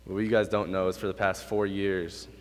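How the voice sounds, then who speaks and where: A youth pastor in his 20s preaches a sermon to an audience in a hall with lots of reverb. His delivery is brisk and animated, shifting from quiet to loud and rising high whenever he voices God's lines.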